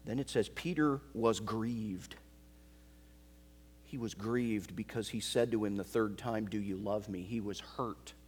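A man preaching an expository sermon, slow and emphatic, repeating key phrases. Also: on the low side, darkish tone, slightly rough. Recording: long hall reverb.

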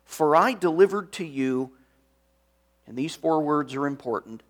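A man preaching a sermon in a slow, measured way, reading scripture aloud. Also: medium pitch. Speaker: pastor.

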